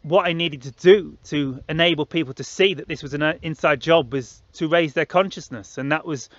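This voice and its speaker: A man in his late thirties tells his own story in a loose, rambling monologue, his voice sitting a little higher than most men's. He repeats himself often and jumps into other people's voices to act out their reactions. The audio is a bit muffled and lo-fi. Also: moderate pace, no room sound. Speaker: vlogger.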